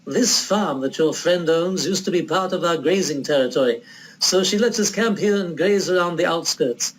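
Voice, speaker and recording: A man's voice: a little high, moderate pace, natural voice, rough recording. A man voicing a proud elder Bedouin man with a put-on Arabic accent, earnestly reasoning with a guest. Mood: lecturing. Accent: put-on Arabic accent, old film style.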